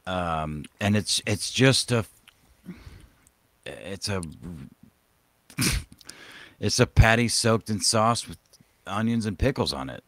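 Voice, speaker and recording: Man, low, podcast co-host, rambling and profane, laughs a lot, dry close mic. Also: lively intonation, slow pace, long pauses, fairly bright tone, dry recording. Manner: rambling, crude, laughs often. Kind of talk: casual profane chat.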